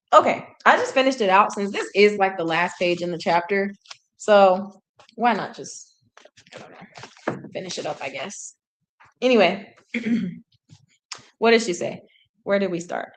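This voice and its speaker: Woman streamer, slow and easygoing, thinks out loud, self-correcting learner. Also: mid-range voice. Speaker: language learner reading aloud. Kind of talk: casual live-stream reading and translating.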